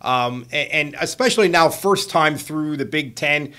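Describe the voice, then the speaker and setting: A man, a sportswriter and co-host, talking football in a casual chat, often restarting his sentences and trailing off quietly. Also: fairly high pitch, unhurried.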